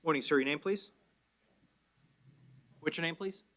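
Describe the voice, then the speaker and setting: Measured male judge in court. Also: a little high, a bit bright, a little hiss or hum. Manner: measured, explains orders plainly. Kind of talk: courtroom proceedings.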